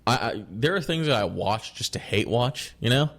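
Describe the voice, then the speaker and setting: Male co-host, mid-pitched, loose and rambling, swears freely: casual podcast chat. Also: expressive, normal speed, a bit bright. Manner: rambling and profane, with frequent restarts and laughter.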